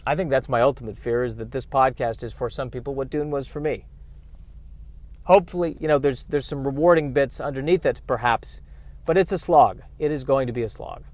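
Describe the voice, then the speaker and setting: Behind the wheel, a podcast host runs his solo comedy show with self-deprecating rants and comic asides, driving and parking along the way. His medium-pitched, darkish voice is brisk, captured in a dry recording.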